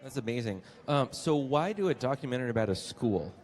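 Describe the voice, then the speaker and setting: A man's voice: mid-range voice, lively intonation, a little fast, darkish tone. A man hosting a casual interview, upbeat and enthusiastic. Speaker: interview host.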